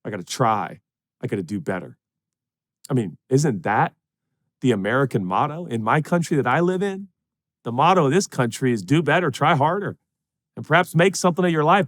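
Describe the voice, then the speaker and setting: A middle-aged man preaching a sermon as a pastor, swinging between loud emphasis and hushed, intimate asides. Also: mid-range voice, animated, a little fast.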